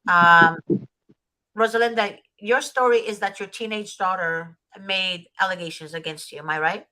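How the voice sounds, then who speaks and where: A woman's voice: mid-range voice, normal speed, pushed and bright, rough recording. A woman hosting a talk show, giving advice and repeating key points with emphasis. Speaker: host. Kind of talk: advocacy talk show with guests.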